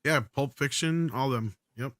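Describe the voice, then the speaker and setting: A man with a bright, edgy tone jumps in with quick remarks and chuckles. He sits at a mid pitch, recorded dry and close. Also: no echo. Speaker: podcast panelist. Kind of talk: casual chat.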